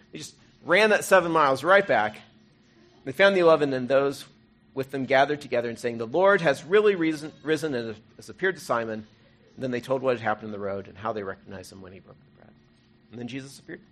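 A man preaching an Easter sermon, earnest and conversational, rising to loud emphasis and dropping to hushed, soft moments. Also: mid-range voice, animated, fast. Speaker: pastor.

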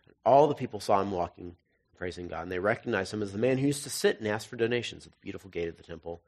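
A man's voice: fairly low pitch, animated, racing, a little mellow. A man giving a sermon as pastor, reading scripture and then breaking into jokey, conversational asides.

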